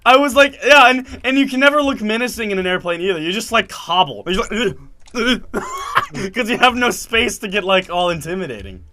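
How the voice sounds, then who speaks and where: A young man telling a story in casual chat, acting out the quotes loudly and animatedly. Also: sits high, very animated, fast talker, few pauses, a little hiss or hum.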